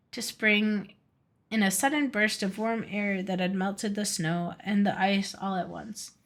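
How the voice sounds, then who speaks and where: Woman, game streamer, reading a fairy tale aloud, mid-pitched voice, steady with slips.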